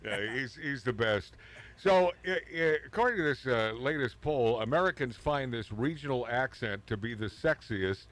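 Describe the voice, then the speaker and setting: A man's voice: medium pitch, lively intonation, moderate pace, fairly bright tone. A man hosting a talk radio show, reading news items aloud and joking with his co-hosts, laughing often. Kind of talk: casual talk radio banter.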